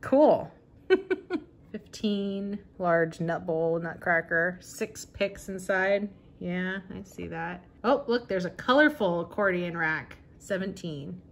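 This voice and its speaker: Her voice is on the low side with lively intonation, and she takes her time. She's a vintage reseller and channel host, casually paging through an old catalog, often laughing with amusement.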